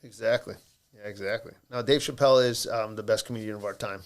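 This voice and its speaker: Gravelly-voiced man chatting casually. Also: lowish voice, fairly even intonation, fast. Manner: rambling, profane, joking. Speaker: podcast guest. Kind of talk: casual podcast chat. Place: podcast studio.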